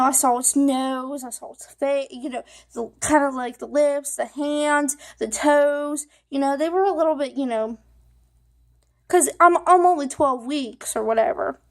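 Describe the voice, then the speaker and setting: A woman's voice: high-pitched, darkish tone. A young woman vlogger telling a personal story to the camera, rambling with many fillers and emotional, holding back tears.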